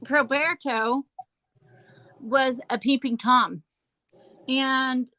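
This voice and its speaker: A woman hosting a casual true-crime chat, halting with fillers and restarts and dropping sarcastic asides. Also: fairly high pitch, bright, forceful tone, a little hiss or hum, poor audio. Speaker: host.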